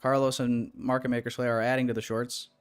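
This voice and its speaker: A man's voice: mid-range voice, level tone, a little fast, clear, resonant tone. A young man hosting a trading livestream, ranting casually and profanely at his chat with big swings in energy.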